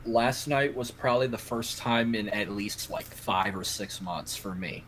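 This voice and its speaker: A man's voice: lowish voice, a little slow, a bit bright, a little hiss or hum. Brief: Cajun man, podcast co-host, rambling, profane, casual. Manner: rambling, profane, heavy on filler "like".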